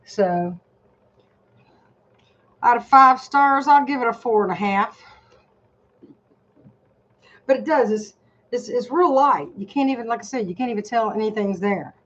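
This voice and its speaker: A woman's voice: fairly high pitch, animated, a little slow, long pauses, fairly bright tone, muffled recording. An older woman vlogging a casual product review from her home desk, chatty and rambling as she talks straight to her viewers.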